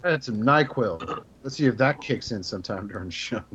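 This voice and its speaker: A man's voice: on the low side, expressive, fairly quick, a bit bright, muffled recording. A man hosting a casual podcast, joking and teasing his co-hosts. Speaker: podcast host. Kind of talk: casual chat.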